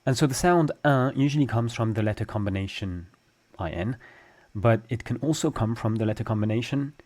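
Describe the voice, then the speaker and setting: Man, French accent, language teacher, fairly low voice, casual lesson, playful jokes. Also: darkish tone. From France. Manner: playful, joking explanations with drawn-out example sounds.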